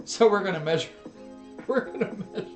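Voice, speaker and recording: Middle-aged male reaction host, lively pitch, crude and laughing, roomy echoey sound with faint music. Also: fairly quick. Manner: profane, laughing, exasperated outbursts. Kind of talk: casual reaction commentary.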